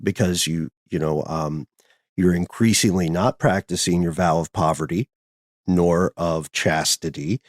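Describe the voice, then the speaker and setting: A man's voice: sits low, fairly even intonation, unhurried, no echo, studio quality. A man hosting a podcast, explaining history in a conversational, thinking-aloud way. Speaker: podcast host.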